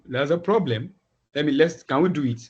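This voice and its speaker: A man teaching a class online, talking in halting phrases and often repeating words as he thinks aloud. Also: a little high, a little mellow. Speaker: instructor. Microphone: video call. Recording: dull lo-fi video call audio.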